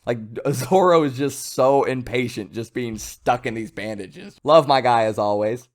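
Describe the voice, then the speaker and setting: A man giving a casual, rambling video review of a comic chapter, chatty and lively. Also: medium pitch, unhurried. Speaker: manga reviewer.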